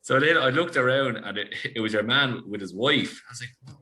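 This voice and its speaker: An Irish man, a podcast guest, telling a story in casual chat with animated, laughing delivery. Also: mid-range voice, fairly quick, hardly any pauses. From Ireland.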